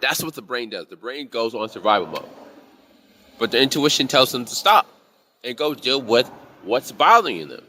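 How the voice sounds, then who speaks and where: Heated, foul-mouthed man with a bright voice. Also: mid-range voice, big pitch swings, moderate pace, a little hiss or hum. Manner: profane, heated, talks in rambling anecdotes. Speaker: instructor of a live class on intuition. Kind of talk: casual live class, storytelling monologue.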